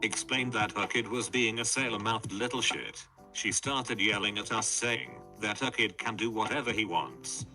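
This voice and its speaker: A synthetic male voice reads forum stories aloud, pitched a little low. The delivery stays flat and even throughout, with music playing clearly beneath him. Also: normal speed, hardly any pauses. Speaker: narrator reading forum posts. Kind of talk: text-to-speech story reading. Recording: background music under voice.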